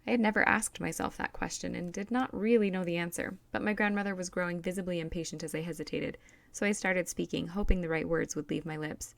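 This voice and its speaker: A woman reading a novel aloud in first person, in a steady, even storytelling manner. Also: on the low side, fast, vocal fry, dry recording. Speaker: audiobook reader.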